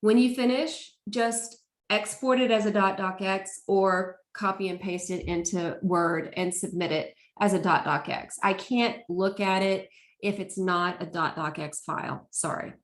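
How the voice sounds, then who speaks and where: A woman college instructor walking students through her course in a relaxed, chatty way, with fillers. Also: mid-range voice, measured pace, echoey room. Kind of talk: casual course walkthrough.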